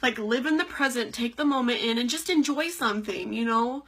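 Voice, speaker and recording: A woman's voice: on the high side, a little fast, a bit bright. A young woman live-streaming a casual, heartfelt chat, rambling and leaning on "like" and "you know.". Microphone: computer webcam on a live stream.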